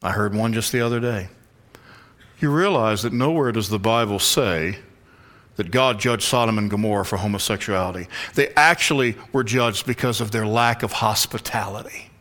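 A male pastor preaching an expository sermon, emphatic, sometimes dropping to a hushed whisper for stress. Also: on the low side, moderate pace.

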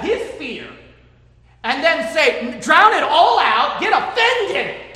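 A man's voice: big pitch swings, measured pace. Fervent male preacher in an echoey hall. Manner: fervent, emphatic preaching that swings from low talk to shouting. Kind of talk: sermon. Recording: echoey hall with long reverb.

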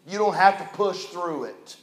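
A male pastor preaching a sermon, moving from quiet storytelling to loud, emphatic rises. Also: sits high, expressive, unhurried. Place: church hall. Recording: echoey church room.

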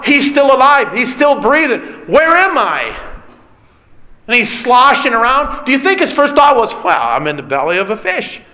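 A man's voice: very high voice, bright, forceful tone, rough recording. A male preacher giving an emphatic sermon, repeating key phrases and putting questions to his listeners.

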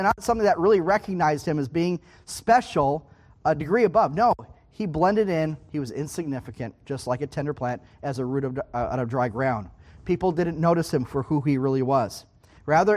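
A man's voice: fairly high pitch, darkish tone. A man giving a Bible teaching sermon in an emphatic way, repeating key points and checking in with his listeners. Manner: emphatic, repeating key phrases and asking "okay?". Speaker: preacher.

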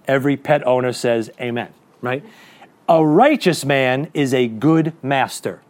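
A man preaching a sermon to a congregation, asking rhetorical questions and reading scripture slowly and deliberately. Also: mid-range voice. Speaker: pastor.

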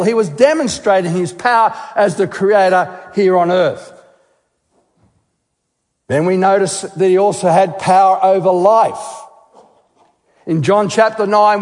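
Delivering a sermon as a guest speaker, a geologist with a fairly high voice uses emphatic questions and repetition to drive points home. His words echo with a long reverb, like in a big hall.

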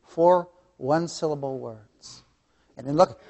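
Man, fervent Bible teacher with a slightly high voice; big swings from loud emphasis to near-whispers, repeats his points. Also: moderate pace, muffled recording. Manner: impassioned, swings from loud emphasis to hushed asides; calls listeners "beloved", repeats key phrases. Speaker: Sunday school teacher. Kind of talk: preaching a Bible lesson.

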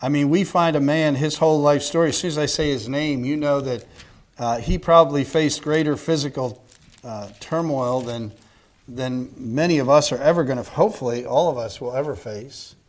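A man preaching a sermon in a mid-pitched voice. He talks to his congregation conversationally, tossing out questions and acting out quotes, and he often doubles a word at the start of a phrase. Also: normal speed. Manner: repeats words when starting phrases. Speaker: pastor.

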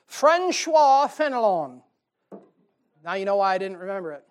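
A middle-aged male pastor preaching a sermon in his church in a folksy, joking way, moving between loud emphasis and quiet asides. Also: high voice, little pitch movement, racing, clean tone. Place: church sanctuary.

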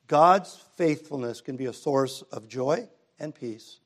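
A man's voice: medium pitch, a little slow. Middle-aged guy preaching a sermon, talks like he's chatting with folks, gets emphatic when he leans in. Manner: conversational preaching, rising to emphatic passages. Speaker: pastor. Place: church sanctuary.

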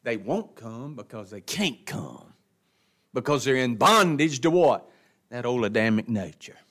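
A man's voice: medium pitch, animated, unhurried, a bit bright. A man teaching an adult Bible class verse by verse, in a folksy, emphatic preaching manner that repeats words for stress.

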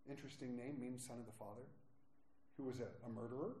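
Speaking fast in an echoing room, a pastor with a medium-pitched, steady voice delivers a sermon. Soft prayer gives way to preaching that grows in intensity as he retells scripture and voices its characters.

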